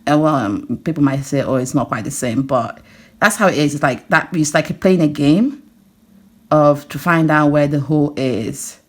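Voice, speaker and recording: A jewellery designer talking casually through a beading tutorial, chatting to herself as she works and breaking into excited laughter. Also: low-pitched, normal speed. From England. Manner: chatty, talks to herself while working, bursts into excited laughter.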